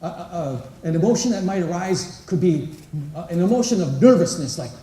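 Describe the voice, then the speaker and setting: Mellow-voiced man speaking in an echoey hall. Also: high-pitched, lively intonation, fairly quick. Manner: engaging, asks the crowd questions and acts out quotes. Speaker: conference speaker. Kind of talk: inspirational talk to a live audience. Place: large conference hall. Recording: echoey hall, voice picked up from a distance.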